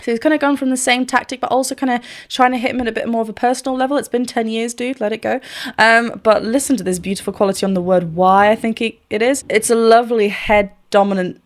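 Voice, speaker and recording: A woman's voice: on the high side, fairly even intonation, fast, hardly any pauses. A woman vocal coach giving casual reaction commentary, chatty and often scatting melodies.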